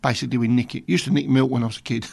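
Older Birmingham man hosting a radio show, gravelly and chatty, rambling into anecdotes between records. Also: medium pitch, fairly even intonation, very fast. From England. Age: 60s. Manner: rambling, self-amused storytelling with asides. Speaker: radio presenter.

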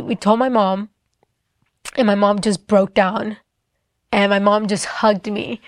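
A woman's voice: medium pitch, no echo. Young woman, testimony, casual and filler-heavy, dry close sound. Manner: casual, many "like" fillers, emotional retelling. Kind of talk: personal testimony.

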